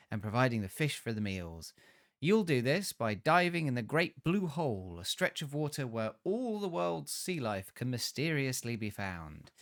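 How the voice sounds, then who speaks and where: Smooth-voiced man reading a review. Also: mid-range voice, a bit bright. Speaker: podcast host and reviewer. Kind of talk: reading a scripted game review.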